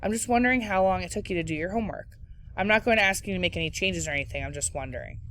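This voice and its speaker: A woman voicing an upbeat, encouraging male teacher who speaks warmly to his class. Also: mid-range voice, racing, slight background noise, voice pushed up, natural voice. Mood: gentle. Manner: warm, encouraging.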